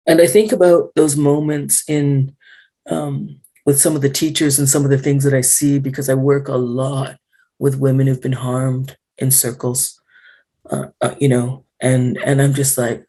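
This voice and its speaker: Frank, animated woman on a video call. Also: extremely low pitch, moderate pace, breathy edge. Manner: animated, frank, full of fillers and acted-out quotes. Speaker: panel speaker. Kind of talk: casual discussion.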